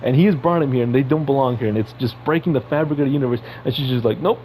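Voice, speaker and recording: A man's voice: racing, warm tone, slight background noise, low-quality recording. Heated swearing man ranting. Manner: heated, swearing, sudden high-pitched outbursts. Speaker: podcast host. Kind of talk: casual ranting commentary.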